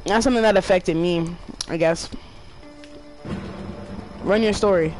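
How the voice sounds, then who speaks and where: A woman's voice: fairly low pitch, a little slow, darkish tone, soft background music, low-quality recording. A woman chatting casually while gaming, telling a rambling childhood story with swearing and slang.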